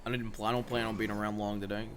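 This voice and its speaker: A relaxed man talks in character during a role-play game, boasting in a dry, offhand way. His voice is bright and forward, with a faint hiss of noise behind it. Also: on the low side, very fast. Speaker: streamer role-playing a character.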